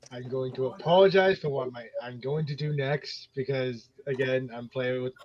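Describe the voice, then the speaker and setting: A man's voice: mid-range voice, normal speed, a little mellow. A man playing in a tabletop game, chatting casually and joking. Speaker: player. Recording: gravelly voice on dull lo-fi mic.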